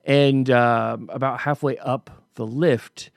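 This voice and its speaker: Middle-aged male podcast host, gravelly voice, casual storytelling monologue, dry close recording. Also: medium pitch, steady tone, takes it slowly, dry recording. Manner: conversational storytelling with frequent restarts.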